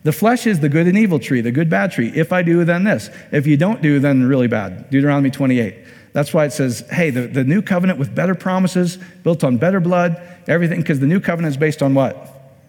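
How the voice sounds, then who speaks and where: A man from Iowa gives a relaxed, conversational sermon, stumbling over repeated words and checking in with his listeners. His voice sits a little above the usual male range. A long reverb trails his words through the hall. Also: fairly high pitch, a little fast. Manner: conversational, repeats words, asks the audience questions. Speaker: pastor.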